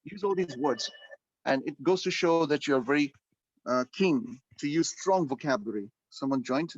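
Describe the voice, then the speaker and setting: Higher-voiced male teacher, dull dry sound. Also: animated, normal speed, no room sound. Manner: explanatory, with frequent fillers and restarts. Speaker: English speaking-test teacher. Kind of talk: online class lecture.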